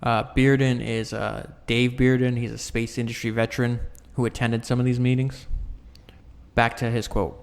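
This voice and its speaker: A man's voice: mid-range voice, little pitch movement, moderate pace, creaky, clear, resonant tone. Man reading aloud in an echoey room. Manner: stumbles and restarts mid-sentence, corrects himself. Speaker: book reader and commentator. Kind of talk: reading a nonfiction book aloud with casual asides. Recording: long reverberant room echo.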